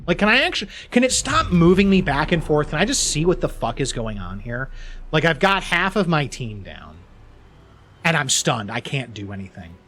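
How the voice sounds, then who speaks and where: A man's voice: on the high side, very animated, moderate pace, fairly bright tone, a little hiss or hum. A young man streaming a video game, ranting and swearing in frustration as he comments on a battle. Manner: swears a lot, exasperated ranting. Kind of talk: frustrated live gameplay commentary.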